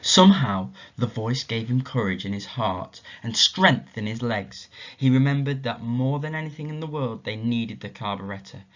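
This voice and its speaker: A man's voice: mid-range voice, moderate pace. A male teacher reading a story aloud expressively at a school assembly and asking the children questions. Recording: dull, muffled lo-fi recording.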